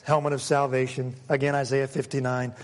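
A man preaching a sermon as pastor, dramatic, acting out quoted voices and swinging between loud and soft. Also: medium pitch, flat delivery, a little fast, big-room sound.

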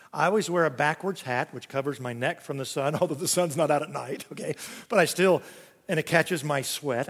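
A man preaching a sermon, telling lively stories with jokes and little voice impressions. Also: fairly high pitch, big-room sound. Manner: animated storytelling with jokes and voice impressions.

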